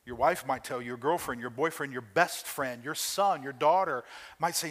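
A man pastor giving a sermon and closing prayer, emphatic, repeating key questions and swinging from loud to hushed. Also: a little high, lively intonation, normal speed.

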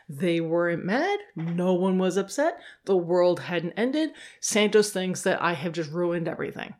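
A woman hosting a podcast, telling a casual self-deprecating story, laughing often and acting out quoted reactions in a jumped-up voice. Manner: self-deprecating, laughs often, acts out her own thoughts; animated, jumps into high voice for quoted reactions. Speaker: podcast host.

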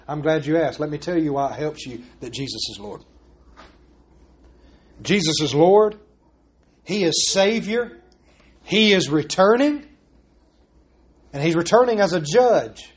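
A man's voice: fairly high pitch, expressive, normal speed, long pauses. A man preaching a sermon as pastor, pressing his points with repeated rhetorical questions.

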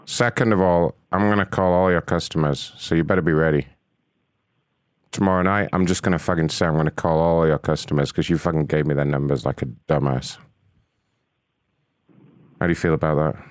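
Low-voiced crude mocking male host. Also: steady tone, fairly quick, long pauses, no echo. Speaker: prank call show host. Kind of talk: casual profane banter.

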